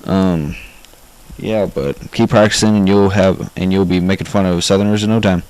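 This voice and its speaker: A man's voice: deep voice, fairly even intonation, normal speed, darkish tone, smooth, no echo, poor audio. Rambling Southern-accented young man. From Southern United States. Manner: rambling, self-correcting, mock-exasperated. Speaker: vlogger. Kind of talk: casual instructional vlog. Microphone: home webcam or camera mic.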